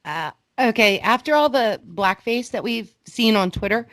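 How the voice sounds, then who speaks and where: A woman's voice: fairly high pitch, expressive, moderate pace, a bit bright, no echo. A woman guest on a podcast, chatting casually in a wry, mocking way.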